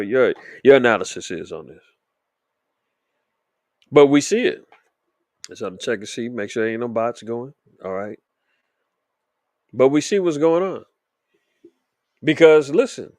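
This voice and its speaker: A man's voice: on the high side, darkish tone, no echo. A man hosting a commentary show, reading news headlines aloud and adding informal, emphatic opinion for his viewers.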